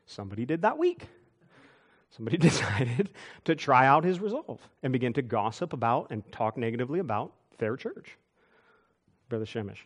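A man preaching a sermon, telling church stories with quick asides and chuckles. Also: mid-range voice, slightly rough. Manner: animated storytelling with asides and chuckles. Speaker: pastor. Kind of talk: storytelling sermon.

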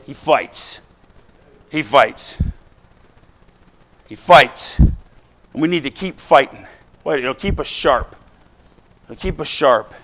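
A middle-aged man preaching a fiery sermon, exhorting the crowd with repeated lines and sudden bursts of shouting. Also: mid-range voice, expressive, slow, pauses often, breathy edge. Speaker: pastor.

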